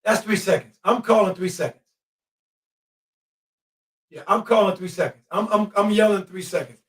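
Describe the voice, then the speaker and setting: Watching a game live, this podcast host calls the action in a high, excitable voice and is quick to yell at officials and players. He sits far from the microphone in a room full of echo.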